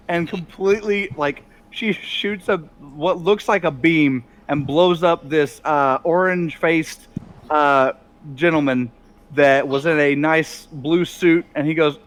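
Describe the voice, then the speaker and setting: A man runs a tabletop role-play game as its game master, narrating scenes on the fly and breaking into laughter often. His voice sits a little high for a man. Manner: laughing often, quick improvised storytelling.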